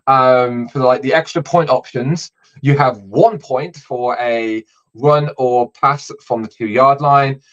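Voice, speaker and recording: Male podcast host, relaxed chatty delivery full of fillers; middling voice, dull recording. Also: mid-range voice. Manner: explains rules with many fillers. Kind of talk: casual sports podcast chat. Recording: slightly dull lo-fi audio.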